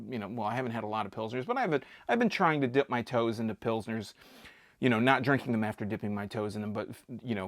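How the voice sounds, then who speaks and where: A man's voice: medium pitch, no room sound, studio quality. A man reviewing a beer in a casual vlog, chatty and jokey, rambling with frequent restarts.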